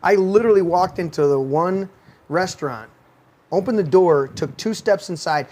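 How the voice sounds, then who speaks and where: A man's voice: sits high, normal speed, darkish tone. A man hosting a talk show, telling stories in a heated, profane rant. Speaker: podcast host. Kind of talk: casual ranting talk show.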